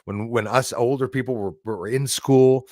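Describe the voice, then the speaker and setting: A man's voice: medium pitch, fairly even intonation, moderate pace, darkish tone, dry recording, studio quality. A middle-aged man from Canada hosting a live stream, chatting casually and rambling as he reads viewer comments aloud. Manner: chatty, rambling, laughs often.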